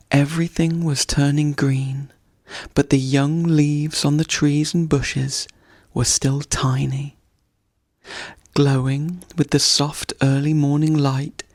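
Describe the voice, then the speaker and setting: A man reads a bedtime story at an unhurried, very slow pace. His voice has a gravelly, creaky texture, and the recording is dry and close. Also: a little high, no room sound. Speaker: audiobook narrator.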